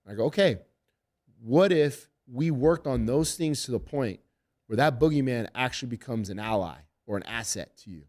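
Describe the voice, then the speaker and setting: A mid-range male voice at normal speed belongs to a middle-aged MMA head coach swapping stories on a casual podcast. He tells them in an animated, profane way, swearing heavily throughout.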